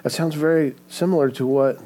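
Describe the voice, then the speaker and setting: A man's voice: on the high side, fairly even intonation, a little fast, dark tone. A man preaching a sermon in an earnest way, often checking in with "right?". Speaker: pastor.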